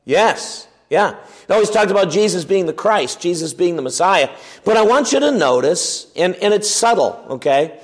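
A man's voice: high-pitched, very animated, measured pace, long reverb tail. A man preaching a sermon in a conversational teaching way, asking his listeners questions and often restarting with fillers and repeated words. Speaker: pastor.

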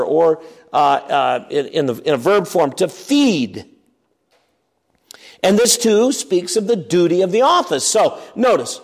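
Animated preacher with lively swings. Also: male voice, sits high. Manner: animated, emphatic, swings between loud and quiet; acts out quoted objections. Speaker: pastor. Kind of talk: expository sermon.

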